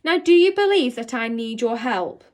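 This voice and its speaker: A woman voicing an earnest, gentle young boy in a storybook reading, speaking in a patient, coaxing way. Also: fairly high pitch, animated, moderate pace, lightly acted.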